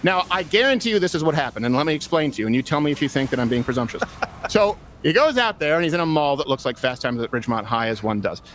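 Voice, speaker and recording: A man who is a comedian, hosting a joking panel discussion with quick asides. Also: fairly high pitch, slight background noise. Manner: animated, wisecracking, quick asides. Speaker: host. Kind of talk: joking election-night panel talk.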